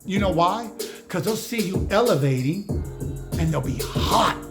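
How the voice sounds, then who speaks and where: A man's voice: sits high, expressive, a little slow. A man giving an emphatic, slangy motivational monologue on spiritual matters, lecturing his viewers directly. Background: music playing behind.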